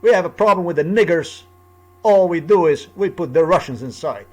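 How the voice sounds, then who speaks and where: A man's voice: on the high side, expressive, brisk, a little mellow. A man talking alone in a rambling, repetitive monologue with loose, off-the-cuff phrasing. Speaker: commentator.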